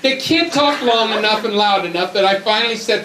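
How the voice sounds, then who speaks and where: A man's voice: high voice, lively intonation, brisk, sharp tone. A middle-aged man from North America giving a humorous, emphatic storytelling sermon to a youth audience. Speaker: youth conference speaker. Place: large hall with audience. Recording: echoey hall, distant mic, audience noise.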